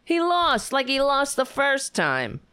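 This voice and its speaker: Furious woman ranting with swinging pitch. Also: huge pitch swings, slow, sharp tone, slight background noise. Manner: furious, swearing, sarcastic asides. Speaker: political commentator reacting to a clip. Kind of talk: angry reaction commentary.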